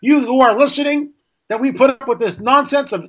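A man's voice: very high voice, a little fast. A middle-aged American man hosting a radio talk show, ranting indignantly and firing off rhetorical questions. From United States. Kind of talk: opinionated radio monologue.

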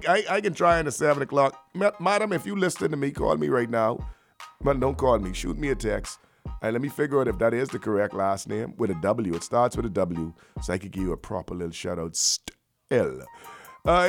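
A man hosting a morning radio show, talking in a loose, energetic, rambling way full of slang. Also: fairly low pitch. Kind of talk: casual morning radio banter.

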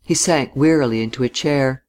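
A man narrating a literary novel as an audiobook reader. His reading is measured and even, at a plain middle pitch. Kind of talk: scripted narration.

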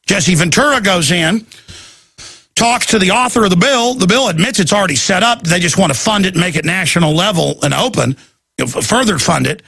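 A man's voice: high voice, creaky, pushed and bright, breathy edge, dry recording. A man hosting a talk show, delivering a heated, emphatic and urgent radio monologue.

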